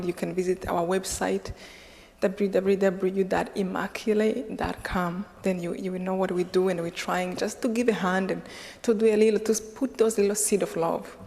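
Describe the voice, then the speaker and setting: Lady giving a talk, lively storyteller, laughs a lot, mid pitch, big echoey hall. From Rwanda. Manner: animated storytelling, laughs often. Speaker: guest speaker. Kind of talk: public talk. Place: large hall with an audience. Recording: long reverb of a large lecture hall.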